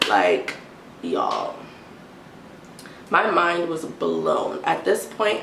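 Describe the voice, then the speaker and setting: A young adult woman telling an exasperated storytime rant, animated and mimicking a timid whisper now and then. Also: deep voice, extremely slow, creaky, pauses often. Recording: roomy, distant, faint hiss.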